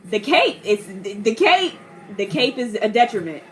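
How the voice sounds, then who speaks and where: A young woman giving a casual movie reaction, animated, laughing often and acting out characters in quick voices. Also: fairly high pitch. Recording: steady background noise.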